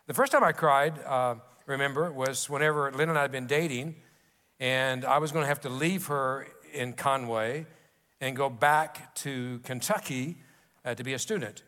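A man's voice: medium pitch, fairly even intonation, normal speed, sharp tone. A man pastor preaching a sermon, telling stories in a folksy, conversational way with restarts. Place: church sanctuary. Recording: long reverb of a church hall.

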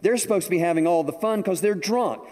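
Older guy preaching, telling stories, warm mellow tone, long reverb like a church. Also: high voice, quick pace. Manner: storytelling, animated. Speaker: pastor. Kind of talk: sermon. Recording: echoey hall with long reverb.

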